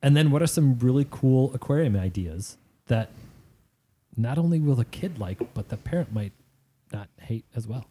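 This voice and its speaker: Guy with a husky voice, podcast chat about his fish shop, acts out the customers as he tells it. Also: medium pitch, normal speed. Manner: animated storyteller, acts out customers in quotes. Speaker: aquarium shop owner and podcast host. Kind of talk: casual podcast chat, storytelling.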